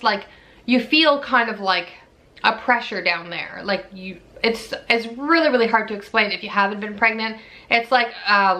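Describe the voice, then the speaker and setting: A young woman records a casual pregnancy vlog, talking candidly to her viewers. Her voice is bright and sits a bit high, and she sounds slightly out of breath as she chats. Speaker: vlogger.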